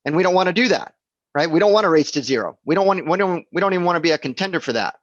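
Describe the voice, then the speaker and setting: A man's voice: high-pitched, animated, rapid-fire, no room sound, highs cut off. A man teaching real estate sales in a casual instructional talk, conversational and repetitive, checking in with his listeners as he goes. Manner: conversational, repeats himself, checks in with "okay?" and "right?".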